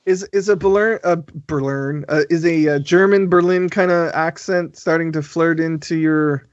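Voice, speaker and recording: An American man hosting a podcast in casual chat, chatty and quick to laugh, with many restarts. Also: a little high, fairly even intonation, no room sound, dull audio. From United States. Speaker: podcast host.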